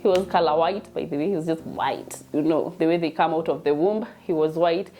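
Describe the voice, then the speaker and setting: A woman's voice: low voice, brisk, dark tone. A young woman with a Kenyan accent telling a personal story in a chatty, emotional way, mixing English and Swahili. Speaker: vlogger telling her birth story.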